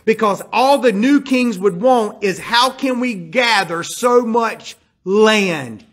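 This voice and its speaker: High-voiced animated preaching man. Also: slow, hardly any pauses. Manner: animated storyteller, drops to hushed tones then builds emphatically. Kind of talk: sermon with personal story.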